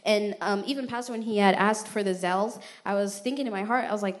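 A young adult woman giving a casual, animated church testimony, retelling events and acting out quoted voices. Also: medium pitch, quick pace, few pauses.

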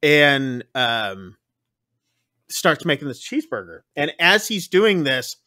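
A man casually recapping a film on a podcast, acting out the lines with big jumps in pitch. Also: very animated, slow, sharp tone. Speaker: podcast co-host. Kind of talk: casual movie recap chat.

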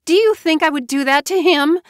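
A woman's voice: high-pitched, fairly quick, no room sound, clean studio sound, pitched above the performer's own voice, natural voice. A woman voicing a genteel young woman, earnest and proper in her speech. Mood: indignant.

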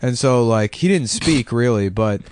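A man's voice: mid-range voice, expressive, measured pace, darkish tone, a little hiss or hum. A man co-hosting a comedy podcast, telling crude rambling anecdotes in casual banter. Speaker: podcast co-host.

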